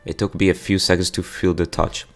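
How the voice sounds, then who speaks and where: A man's voice: low voice, little pitch movement, a little fast, faint music behind. A man reading a visual novel aloud for his gameplay channel, stumbling over words now and then. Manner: plain reading with stumbles and sudden outbursts.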